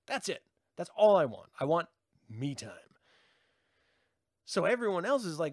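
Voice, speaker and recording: A man's voice: a little slow, long pauses, no echo, clean studio sound. A middle-aged man rambling and joking in casual chat with his live viewers, laughing often. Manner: animated, jumps in pitch. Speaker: livestream host.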